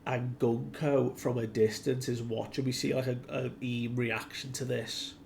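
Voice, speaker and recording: A man's voice: mid-range voice, steady tone, measured pace, gravelly, few pauses, a little mellow, a little hiss or hum. A man giving casual commentary as a manga reviewer, retelling scenes animatedly and acting out the quotes.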